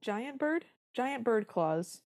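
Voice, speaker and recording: A woman's voice: fairly high pitch, big pitch swings, takes it slowly, a little mellow. A woman co-hosting a podcast, recapping a film in casual chat with wry, dramatic storytelling. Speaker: podcast co-host.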